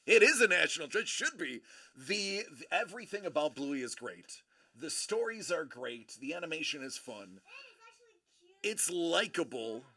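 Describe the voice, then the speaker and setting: A man's voice: fairly high pitch, sing-song, normal speed, bright, forceful tone, breathy edge. A man hosting a casual live stream, greeting viewers by name and rambling in a laid-back way. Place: California home studio.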